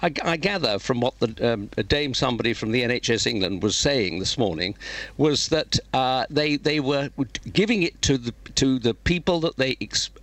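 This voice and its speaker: An older man speaking as a guest on a radio show, explaining in a measured, hesitant way with many restarts. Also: mid-range voice, lively intonation, a bit bright, dry recording. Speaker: phone-in guest from a patients' group. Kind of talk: explaining on air.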